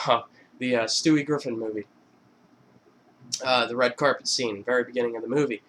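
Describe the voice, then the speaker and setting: A man's voice: mid-range voice, steady tone, a little fast, a bit bright, a little hiss or hum. Rambling, profane young man vlogger. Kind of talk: casual movie recap.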